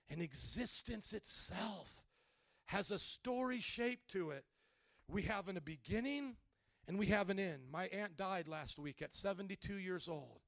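A young man preaches with a high, gravelly voice, swinging from hushed, intimate passages to loud, shouted outbursts. He slips into chatty voices for biblical figures as he tells their stories. The sound is dry and close. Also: dry recording. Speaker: pastor. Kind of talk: sermon.

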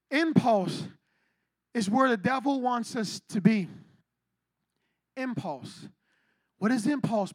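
A man preaching an energetic youth sermon in a slangy, animated way, acting out people's reactions as he goes. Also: very high voice, no room sound.

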